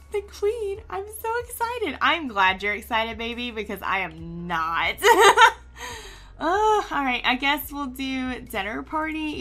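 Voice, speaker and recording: A woman giving casual let's-play commentary, chatty and excitable, gushing and teasing herself as she plays. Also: fairly high pitch. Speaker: gaming YouTuber.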